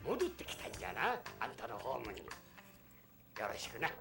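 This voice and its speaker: A man's voice: mid-range voice, wildly swooping pitch, very fast, vocal fry, over music. A man voicing a friendly older man in a video game who greets a famous astronaut in folksy, old-fashioned speech.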